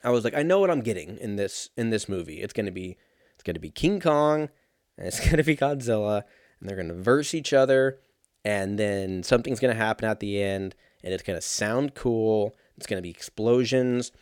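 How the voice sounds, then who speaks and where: A man's voice: on the low side, lively intonation, brisk, no room sound, studio quality. A man in his thirties in casual solo commentary, rambling and sarcastic, swearing often and laughing at his own jokes. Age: 30s.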